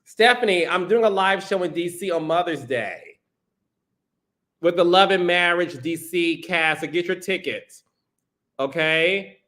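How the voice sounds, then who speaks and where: Sassy male podcast host, high bright voice, unhurried live chat, playful. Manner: sassy and playful, calling people honey and child. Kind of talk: live-stream chat, reading viewer comments.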